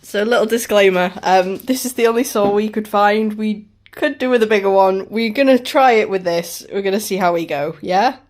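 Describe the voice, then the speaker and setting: A woman's voice: mid-range voice, normal speed, hardly any pauses. A woman co-hosting a casual vlog, giggly and teasing. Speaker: vlog co-host. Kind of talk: casual chat. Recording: loud background noise.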